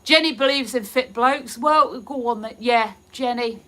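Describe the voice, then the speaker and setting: Speaking unhurriedly in a sharp, rather high voice, this woman hosts a live stream and giggles while reading out what viewers have written. She chats casually with a Hertfordshire English accent, being from Hertfordshire, England.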